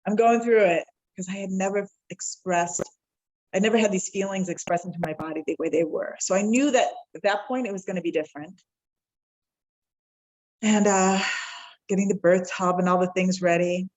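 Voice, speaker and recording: A woman in her forties, a podcast guest telling a personal story in a heartfelt, reflective way. She acts out the dialogue with quick shifts in tone and slows down at the key moments. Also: mid-range voice, darkish tone, poor audio.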